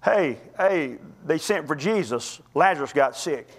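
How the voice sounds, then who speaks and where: A male preacher delivering a sermon, telling stories in a folksy, impassioned way that swings between loud climbs and quiet drops. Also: a little high, expressive, unhurried, husky. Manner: impassioned, folksy storytelling with sudden rises and drops.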